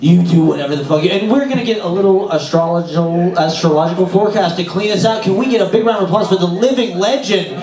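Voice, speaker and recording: Man, comedy host, hyped and brash, high voice, echoey bar room. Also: fast talker, few pauses. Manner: hyped, brash, shouting out acts. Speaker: open mic host. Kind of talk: hyped comedy-show emceeing. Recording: roomy live bar room.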